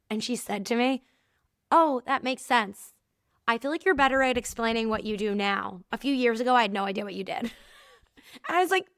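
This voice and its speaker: A woman hosting a casual solo talk-show podcast tells lively workplace stories, acting out the voices of the people in them. Her voice is on the high side with a clean tone, recorded dry with clean studio sound.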